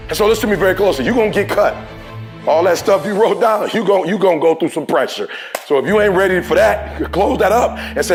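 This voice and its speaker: Preaching man with a high voice. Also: lively intonation, quick pace, soft background music. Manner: preaching, swings from shouting to low intense talk. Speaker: motivational speaker. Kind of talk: motivational speech.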